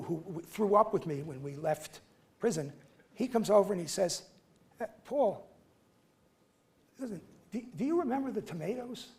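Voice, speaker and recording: A man in his seventies giving a lecture, telling personal stories conversationally with halting restarts. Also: sits high, gravelly, a little mellow, husky. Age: 70s. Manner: conversational, halting restarts, acts out quoted voices. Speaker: guest lecturer. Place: lecture hall.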